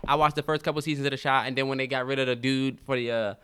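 A man's voice: medium pitch, fairly even intonation, rapid-fire, a bit bright, clear, resonant tone. A man co-hosting a podcast in casual chat, easygoing and playing devil's advocate. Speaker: podcast co-host.

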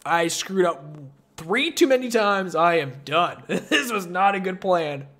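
A man voicing a bumbling, scheming male priest who swings between smug whispers and panicked shouts. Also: high voice, lively intonation, unhurried, heavily acted. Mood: flustered.

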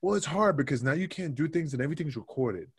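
A man's voice: fairly high pitch, animated, quick pace, husky, dry recording, clean studio sound. A man telling crude, profane stories from his wrestling days in a casual video-call chat. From North America.

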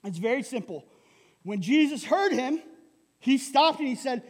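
A male pastor preaching a sermon in a lively way, often asking "right?" and laughing. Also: very high voice, moderate pace, in a large hall. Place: church hall.

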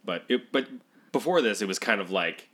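Lively bright-voiced man chatting about movies. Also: lowish voice, moderate pace. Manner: animated, jokey, puts on brief voices. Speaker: podcast co-host. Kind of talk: casual movie discussion.

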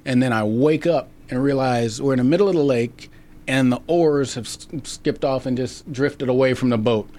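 Warm in tone and medium in pitch, an actor's voice moves at normal speed as he's interviewed about his career. His storytelling is casual and rambling, with lots of restarts and fillers.

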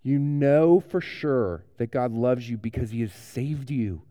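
A man gives a children's sermon, joking with the kids in a loose, conversational way. His voice is mellow and warm rather than bright, and it sits at an ordinary middle pitch. The sound is dry and close, with no room echo. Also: a little slow. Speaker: pastor.

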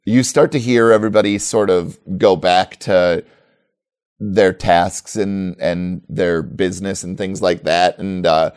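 A man narrating as game master of a tabletop game, relaxed and rambling, full of fillers. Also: deep voice.

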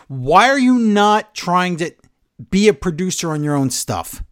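A man with a slightly high voice runs through wrestling results with dry sarcasm and open exasperation. The sound is close and dead, with no room around it. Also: very animated, unhurried, no echo. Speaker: podcast co-host. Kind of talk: casual wrestling recap chat.

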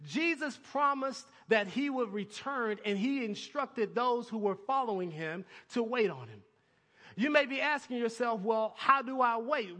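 High bright-voiced man preaching. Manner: call-and-response preaching, building to excited peaks. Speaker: pastor. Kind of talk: sermon. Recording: long hall reverb.

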